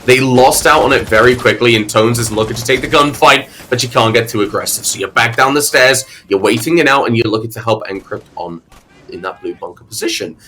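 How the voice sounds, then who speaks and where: A man calling an esports match play-by-play, energetic and quick with his calls. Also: mid-range voice, slight background noise. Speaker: esports commentator. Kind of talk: play-by-play commentary.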